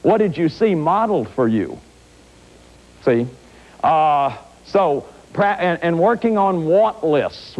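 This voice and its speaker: A man's voice: a little high, slow pace. A man in his fifties giving a self-help lecture, acting out examples, often restarting his sentences. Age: 50s. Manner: animated, acts out examples, frequent restarts. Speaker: therapist and lecturer. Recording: dull lo-fi recording.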